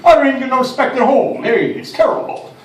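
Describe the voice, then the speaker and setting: A man doing an impression of a put-upon middle-aged comic who complains loudly in rapid one-liners. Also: very high-pitched, animated, voice pushed up. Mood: griping. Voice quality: loud, strained, complaining. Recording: roomy, distant mic, faint ambience.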